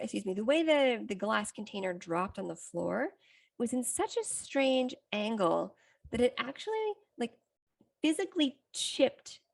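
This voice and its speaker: A middle-aged woman with a gravelly, creaky edge to her voice hosts a self-help podcast. She tells a personal story candidly and reflectively, sometimes restarting a sentence as she goes, at an ordinary mid pitch. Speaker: psychotherapist and podcast host.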